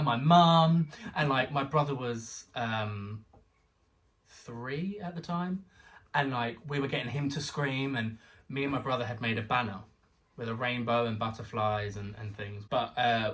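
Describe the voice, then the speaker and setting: A young man from England telling an excited story as a guest, acting out the voices of people he quotes. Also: medium pitch, recorded from a distance. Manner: excitable, animated storyteller who acts out quotes. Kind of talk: casual storytelling chat.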